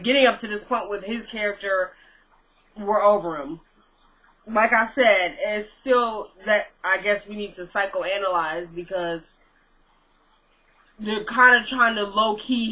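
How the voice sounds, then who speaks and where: A woman's voice: mid-range voice, bright, forceful tone, low-quality recording. A woman vlogger chatting through a TV episode recap, retelling scenes in quotes with lots of fillers. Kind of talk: casual recap chat.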